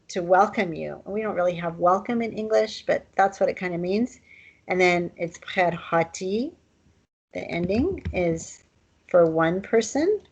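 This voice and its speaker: A woman leads a recorded online language lesson, explaining phrases in a relaxed, chatty way. Her voice sits low and has a gravelly fry to it. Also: rough recording. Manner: casual, chatty teaching with fillers and asides. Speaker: language teacher.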